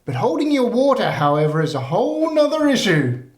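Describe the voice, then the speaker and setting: A man doing a high, cheeky old lady. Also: huge pitch swings, fairly quick. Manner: cheeky, sly punchline delivery. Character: spry eighty-year-old woman at a bar. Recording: roomy echo.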